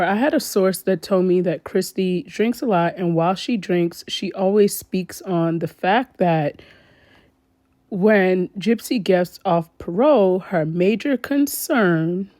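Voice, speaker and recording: A woman giving casual commentary to her viewers, animated and exclaiming as she talks straight to them. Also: fairly low pitch, a little slow, no room sound, studio quality. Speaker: commentary vlogger.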